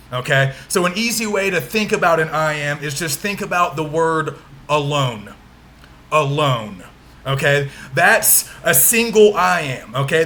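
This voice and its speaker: A male teacher delivers a recorded lecture in a bright, forceful voice pitched a little above the usual. He is patient and repetitive, stopping often to ask "okay?" before going on. A faint hiss sits under the recording. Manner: patient, repeats points with frequent "okay?" check-ins.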